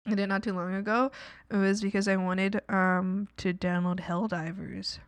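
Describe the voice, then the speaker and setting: A woman streaming on her own, talking loosely as she works on a drawing. Her voice sits in a middle pitch, and it sounds close and dry with no room around it. She rambles through long stories full of "like" and breaks into giggles often. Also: little pitch movement, moderate pace, clean tone, no echo. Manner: rambling, giggly, filler-heavy with lots of "like". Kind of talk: casual chat while drawing.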